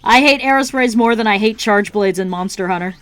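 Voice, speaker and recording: A woman's voice: medium pitch, fairly quick, smooth, faint music behind. A woman streamer chatting casually while she draws, ranting and swearing as she vents about a game. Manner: ranting, salty, swears freely. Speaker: art streamer.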